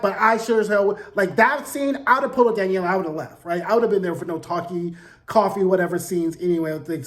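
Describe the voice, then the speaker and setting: A man in his forties giving a casual recap of a TV episode, sassy and profane, peppered with "like" and "right?". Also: sits high. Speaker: TV recap host. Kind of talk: casual review commentary.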